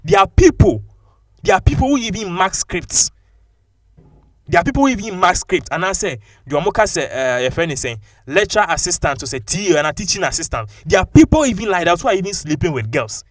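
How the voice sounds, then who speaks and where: A man with a Ghanaian English accent giving animated, opinionated commentary and mixing local-language phrases into his English. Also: high-pitched, brisk, dry recording, clean studio sound.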